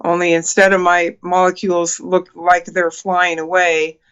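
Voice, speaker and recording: A woman's voice: fairly low pitch, level tone, unhurried, a bit bright, clear, resonant tone, muffled recording. A woman in her sixties, a guest on a talk show, earnestly recounting a personal experience with many fillers and restarts. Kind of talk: telling a personal story in an interview.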